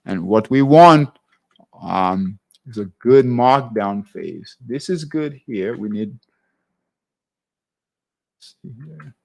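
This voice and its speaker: A man's voice: medium pitch, lively intonation, slow pace, vocal fry, pauses often. A man hosting a live trading class, walking through charts in a conversational way and often checking in with his viewers. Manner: conversational, keeps checking in with "all right?". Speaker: trading show host.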